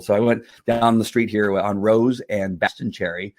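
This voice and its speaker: A middle-aged man hosting a casual livestream, slightly hoarse from a strained voice, rambling with repeated words and frequent laughs. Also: medium pitch, fast talker, hardly any pauses. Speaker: livestream host.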